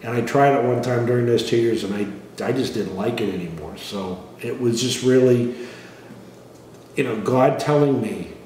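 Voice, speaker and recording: A middle-aged man casually telling a personal testimony in a plain, relaxed way, often clearing his throat and restarting. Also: medium pitch, normal speed. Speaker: father sharing a personal testimony. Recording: echoey room, voice from some distance, faint noise.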